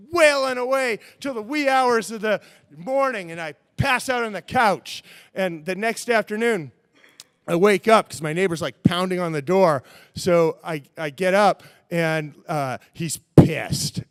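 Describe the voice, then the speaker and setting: A man telling a true-life story on stage in a rambling, animated way, full of fillers. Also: sits high, dry recording.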